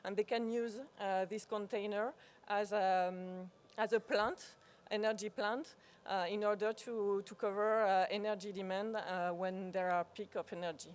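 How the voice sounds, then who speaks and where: Halting French-accented woman presenter. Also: mid-range voice, steady tone. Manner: halting, searching for words, many restarts. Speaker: workshop presenter. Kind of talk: live workshop presentation. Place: conference workshop room.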